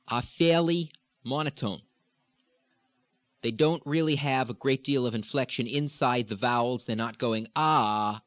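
A man teaching a recorded accent lesson as a dialect coach, explaining in a measured way and demonstrating sounds. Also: medium pitch, no room sound. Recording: dull, dry, lo-fi recording.

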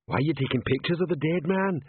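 A man voicing a big, slow-witted male troll sergeant who talks in simple, literal sentences, heard through a tinny line. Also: slight background noise, natural voice. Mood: deadpan. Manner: slow, literal-minded, rumbling, plain grammar. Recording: tinny dry phone-like sound.

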